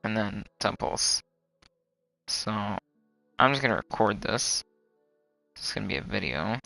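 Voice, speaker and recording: A young man streaming a game live, chatting casually and groaning loudly when his luck turns bad. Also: on the low side, animated, unhurried, gravelly, no room sound, soft background music, rough recording.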